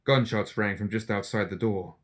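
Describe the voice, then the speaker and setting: A man with a fairly low voice narrates a fantasy audiobook. He reads in a steady, even storytelling manner. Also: normal speed. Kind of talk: scripted fiction narration.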